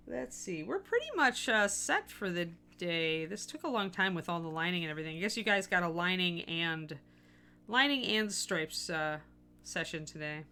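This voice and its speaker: A woman hosts a relaxed painting stream, thinking aloud as she works and dotting her talk with ums and likes. Her voice sits a little low, with a bright, forceful edge. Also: moderate pace, smooth. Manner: chatty, thinking aloud with frequent fillers. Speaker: miniature painting stream host. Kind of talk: casual live-stream tutorial talk.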